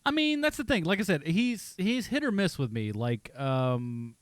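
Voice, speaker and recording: A man's voice: high-pitched, very animated, no echo. A man co-hosting a podcast, chatting casually about movies and joking around with his co-host. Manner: jokey, quick to act out movie lines in silly voices. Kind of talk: casual movie review chat.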